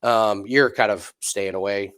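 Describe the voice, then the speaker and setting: A man co-hosting a sports betting show, talking through fight picks in loose, rambling casual chat full of restarts and quick asides. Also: lowish voice, steady tone, a bit bright, clean tone. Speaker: betting podcast co-host.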